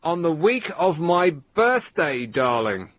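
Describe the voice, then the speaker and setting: A man's voice: mid-range voice, lively intonation, normal speed, background noise. A man hosting a radio phone-in, teasing his callers in a dry, sardonic way. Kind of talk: late-night radio phone-in chat. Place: radio studio. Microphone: studio microphone.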